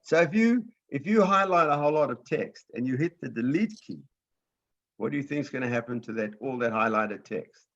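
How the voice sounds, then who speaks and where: A man's voice: mid-range voice, fairly quick, a bit bright, dull audio. A man teaching a beginners' computer class, explaining step by step patiently and often checking in with "right?".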